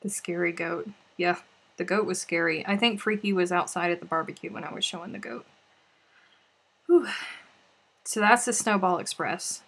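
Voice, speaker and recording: A woman's voice: fairly low pitch, normal speed, pauses often, fairly bright tone, breathy edge. A woman hosting a crochet live stream, chatting casually and emotionally with viewers, turning teary and then laughing, rambling with restarts. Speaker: crochet livestream host.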